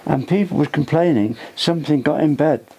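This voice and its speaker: Older man, very gravelly, dark mellow tone, tired, halting delivery. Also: fairly high pitch, a little hiss or hum. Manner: halting, restarts mid-sentence. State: tired, voice fading. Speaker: inn owner giving a tour. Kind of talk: rambling casual talk. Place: old inn, indoors.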